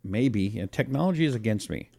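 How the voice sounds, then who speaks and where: A man hosting a solo talk show, reading listener comments and talking in an animated, rambling way. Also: brisk, creaky. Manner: animated, rambling, lively swings in pitch. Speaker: radio talk show host. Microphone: own broadcast setup, fixing a failed mic on air.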